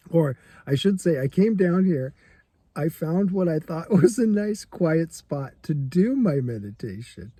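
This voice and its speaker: A man's voice: sits high, warm tone, slightly rough, dry recording. A man in a parked car telling a rambling story for his meditation vlog, chuckling often and restarting his sentences. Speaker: meditation teacher.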